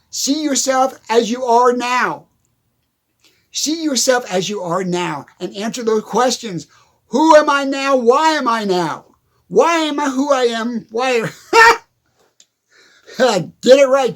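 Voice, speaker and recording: A man giving an emphatic, repetitive motivational monologue, addressing the listener directly. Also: very high voice. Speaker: motivational speaker.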